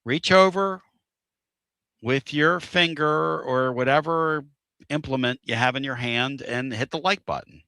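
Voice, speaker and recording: A man's voice: mid-range voice, measured pace, pushed and bright, clear, resonant tone, no echo, studio quality. A man hosting a casual live-stream talk show, talking in a rambling, folksy way and repeating himself. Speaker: show host.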